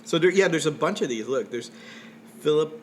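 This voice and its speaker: A man chatting casually on a podcast, full of jokes and teasing asides. His voice sits at a middle pitch. The recording carries a clear layer of noise. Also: lively intonation, normal speed. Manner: joking, teasing, laughs often. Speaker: podcast co-host. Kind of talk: casual chat.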